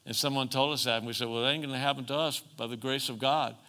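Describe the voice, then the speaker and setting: A man preaching a sermon as pastor, calling for amens and moving between emphatic and soft, earnest passages. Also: mid-range voice, steady tone, fast, clear, resonant tone. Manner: preachy call-and-response, rising to emphatic then softening.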